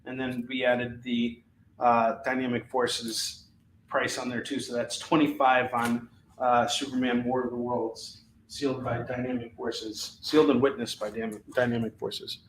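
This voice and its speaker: Casual man pitching comics in echoey room. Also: little pitch movement, unhurried, slight background noise. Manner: casual, rattles off items and prices, many fillers. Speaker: live shopping show host. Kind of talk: live comic sales pitch.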